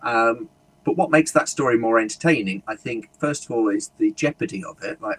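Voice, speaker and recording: A man from the United Kingdom, a humorist, telling an anecdote in a relaxed interview and slipping into voices for the people he quotes. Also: mid-range voice, brisk, husky, low-quality recording. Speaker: guest speaker and humorist. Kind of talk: casual storytelling interview.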